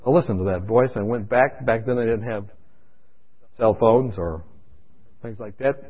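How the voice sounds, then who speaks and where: A man preacher telling his own testimony in a sermon, dramatic and shifting from loud to hushed, in a dull lo-fi radio recording. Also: on the low side, normal speed. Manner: dramatic storytelling, swinging between loud and hushed.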